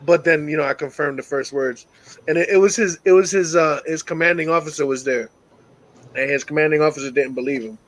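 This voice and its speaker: Middle aged guy hosting a call-in show, kinda high voice, cursing a lot, loose animated storytelling. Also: a little fast, dry recording, poor audio. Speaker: host of a call-in talk show. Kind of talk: casual storytelling chat.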